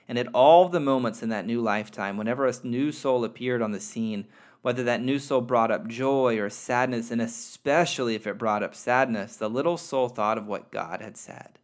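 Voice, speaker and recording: A man, host of a podcast, narrating a spiritual story in a soft, measured, sincere way. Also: mid-range voice. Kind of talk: storybook read-aloud narration.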